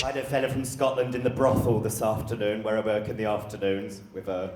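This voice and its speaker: A man's voice: on the low side, steady tone, a little fast. A man doing bawdy stand-up as a drag comedian in a live club, crude and brash with the crowd. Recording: live club recording with loud crowd and echo.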